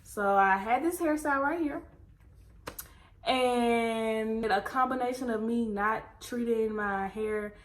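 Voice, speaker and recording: A young woman chatting casually in a vlog, telling a story in an animated way and acting out her own quotes. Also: fairly high pitch, slow pace, slight background noise. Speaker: vlogger.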